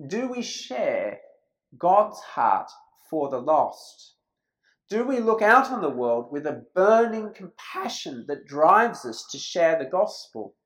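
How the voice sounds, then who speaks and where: A preacher giving a sermon in church, with a middle-pitched voice that swings widely up and down. The delivery is emphatic, and the speaker slows right down to stress key phrases. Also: fairly bright tone, low-quality recording.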